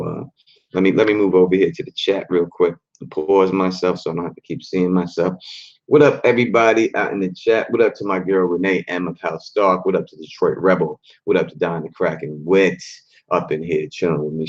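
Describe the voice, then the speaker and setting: A man hosting a casual livestream, his voice a little rough after a late night, giving laid-back shout-outs to his chat in street slang. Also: sits low, lo-fi sound. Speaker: channel host. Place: hotel room at a fan convention. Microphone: phone or laptop camera.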